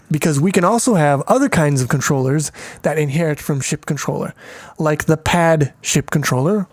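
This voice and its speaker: A man's voice: a little high, darkish tone, no room sound. A man giving a casual programming walkthrough, thinking aloud with many fillers, swearing and making crude jokes as he goes. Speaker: programming tutor. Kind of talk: casual screencast code walkthrough.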